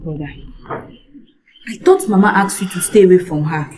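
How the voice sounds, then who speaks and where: Actress as a caring, chiding young Nigerian sister; lowish voice, noisy scene. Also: female voice, moderate pace, lightly acted. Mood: concerned.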